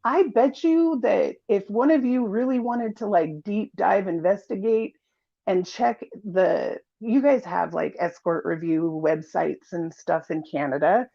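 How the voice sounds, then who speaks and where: A woman's voice: mid-range voice, measured pace, creaky, warm tone, lo-fi sound. A woman, a guest on a live chat show, talking insistently and backing her guesses with emphatic bets. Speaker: guest commentator. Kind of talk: casual live-stream chat.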